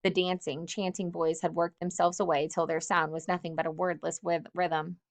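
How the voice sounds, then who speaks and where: A woman reading a novel aloud in a measured, steady narrating manner. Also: lowish voice, no echo. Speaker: audiobook reader.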